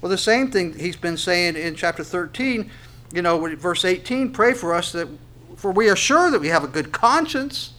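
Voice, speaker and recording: A man's voice: high-pitched, lively intonation, moderate pace, pushed and bright. A man preaching an expository sermon on a Bible passage, asking rhetorical questions, building emphasis and often restarting his phrases. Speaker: pastor.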